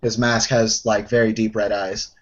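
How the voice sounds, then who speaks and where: A man playing a tabletop game, chatting in an easygoing, relaxed way. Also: on the low side, moderate pace. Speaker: player. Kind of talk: casual tabletop game chat. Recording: muffled lo-fi recording.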